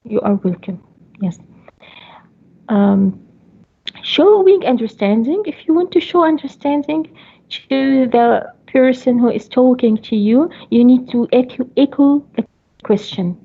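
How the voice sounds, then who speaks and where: Brief: higher-pitched husky woman lecturing an online class, patient step-by-step explanations, dull call audio. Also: lively intonation, unhurried. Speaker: English teacher. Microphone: computer mic on a video call.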